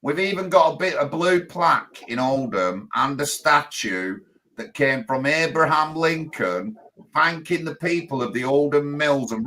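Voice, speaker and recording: A man, hosting a loose panel chat. He cuts in keenly and says the same points over and over. His voice is an ordinary middle pitch for a man. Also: fairly bright tone, rough recording. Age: 50s. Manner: enthusiastic, repetitive, interrupts. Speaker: party leader and host.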